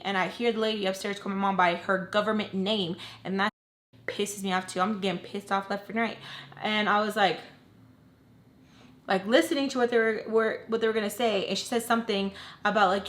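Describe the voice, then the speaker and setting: A woman's voice: medium pitch, fairly quick, a bit bright, slight background noise. A young woman vlogger recounts a painful family story straight to camera. She talks heatedly and casually, swears freely and slips into the voices of the people she quotes.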